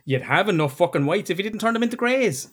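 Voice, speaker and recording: A man's voice: high voice, animated, quick pace, a bit bright, slightly rough. A man in casual chat, ranting and swearing, laughing often.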